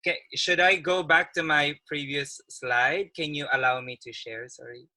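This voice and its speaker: Man speaker on a video call, very bright tense voice, friendly, laughs a lot, restarts his sentences. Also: on the high side, fairly even intonation, moderate pace, low-quality recording. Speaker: guest speaker, occupational therapist. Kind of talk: webinar presentation.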